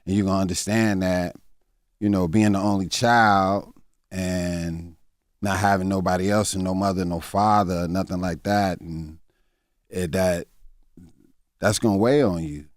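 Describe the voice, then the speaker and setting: A man in his fifties, a comedian guest on an interview show, talking candidly in a halting, reflective way with many fillers and restarts. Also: sits low, fairly even intonation, no echo, clean studio sound. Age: 50s.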